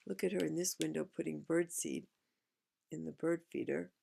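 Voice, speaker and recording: A woman's voice: deep voice, steady tone, normal speed, gravelly, dark tone. A woman reading a picture book aloud to a child, chatting about the pictures as she goes.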